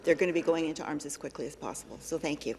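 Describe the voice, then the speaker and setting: A woman answering as health minister in a legislature, measured and pausing with fillers. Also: deep voice, background noise. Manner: measured with frequent pauses and fillers. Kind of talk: parliamentary answer. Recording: reverberant legislative chamber.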